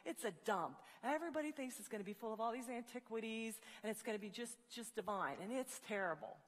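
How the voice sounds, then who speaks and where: A woman's voice: on the high side, expressive, fast talker. A woman doing a scornful gossiping hairdresser. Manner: scornful, dismissive. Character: snarky negative woman hairdresser. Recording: long reverb of a large hall.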